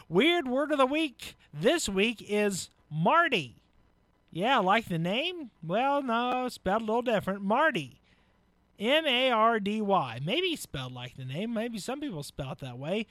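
A man hosting a live local radio show, casual and folksy, chuckling, with filler pauses. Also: high voice, big pitch swings, a bit bright, no room sound. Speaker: radio host. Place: radio studio.

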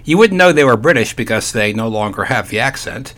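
A man's voice: mid-range voice, expressive, fairly quick, a bit bright. An older man hosting a casual radio talk show, folksy and chatty with playful asides.

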